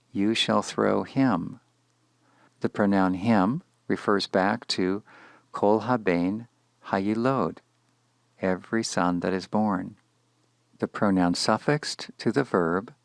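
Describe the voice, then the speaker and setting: A man teaching Hebrew grammar in a measured, explanatory lecture, slowing down to spell out Hebrew words. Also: on the low side, vocal fry, dry recording, studio quality. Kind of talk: scripted lecture.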